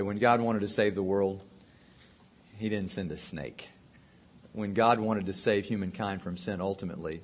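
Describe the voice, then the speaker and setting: A man giving a sermon as a folksy personal story, with plenty of fillers and asides. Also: low voice. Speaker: preacher.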